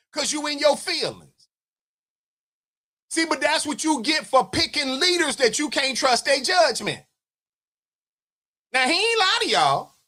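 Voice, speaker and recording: A man giving fiery livestream political commentary, preaching at his audience, often shouting and repeating phrases for emphasis. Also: very high-pitched. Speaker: military veteran streamer.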